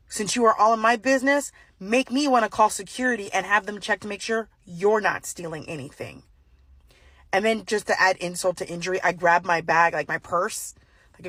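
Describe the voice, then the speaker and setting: A woman telling a personal story in casual chat, acting out the voices of the people in it with big jumps in pitch. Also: dry recording. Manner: animated, acts out dialogue with exaggerated pitch jumps. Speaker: storyteller recounting a personal encounter.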